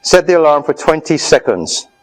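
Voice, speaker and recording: A man with a slightly high voice leading a live health workshop. He talks the room through an exercise step by step and keeps checking that everyone is following. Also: sing-song, moderate pace, poor audio. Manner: coaching, urging the audience on loudly. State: out of breath. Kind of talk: live seminar talk with group exercise.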